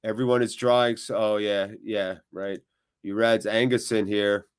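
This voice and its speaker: A man hosting a live football watchalong, commentating on the match and chatting with viewers, with loud reactions to big moments. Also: fairly low pitch, little pitch movement, moderate pace, smooth. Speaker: watchalong host.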